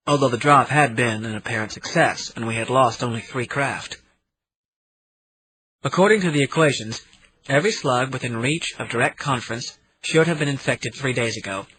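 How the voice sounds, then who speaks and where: A man narrating an audiobook in the first person, in a steady reading manner. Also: medium pitch, a little hiss or hum, rough recording. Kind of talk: scripted narration.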